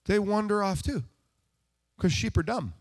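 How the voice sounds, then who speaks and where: Male pastor, somewhat high voice with lively, swooping pitch; chatty sermon full of rhetorical questions and self-deprecating asides. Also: measured pace. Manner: conversational, asks the congregation rhetorical questions.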